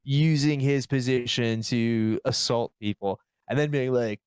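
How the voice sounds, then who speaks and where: A man's voice: mid-range voice, a little slow, darkish tone, clean tone, no room sound. A man co-hosting a casual podcast chat, crude and sarcastic, rambling with lots of filler words. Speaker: podcast co-host.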